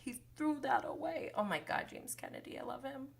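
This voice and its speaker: A woman's voice: high-pitched, lively intonation, fairly quick, creaky. A woman hosting a casual livestream recap, chatty and gossipy, swearing and laughing a lot as she talks. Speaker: show recap host.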